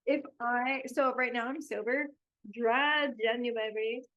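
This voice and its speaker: Gushing, excitable woman with a high voice. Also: slow pace, highs cut off. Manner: gushing, excitable, laughs often. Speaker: podcast co-host. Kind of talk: casual chat.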